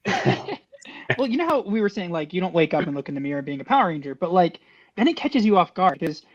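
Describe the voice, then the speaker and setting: A man's voice: sits high, very animated, fast, muffled recording. A man chatting casually as a guest on an online fan panel, rambling with lots of "like" and "you know.". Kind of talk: casual panel chat over video call.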